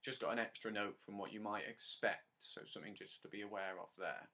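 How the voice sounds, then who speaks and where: A man talks through a harmonica lesson in a clear, bright voice. He is patient and encouraging, counting the learner in and calling out notes one by one. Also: on the low side. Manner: counts in and sings lines slowly. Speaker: harmonica teacher. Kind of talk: step-by-step music lesson.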